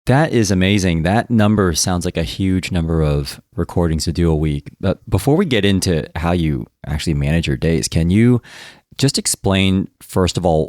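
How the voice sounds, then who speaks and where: An American man hosts an interview podcast and asks curious, encouraging questions. His voice is very low. The recording is dry and close-miked. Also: darkish tone, dry recording. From United States. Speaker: podcast host.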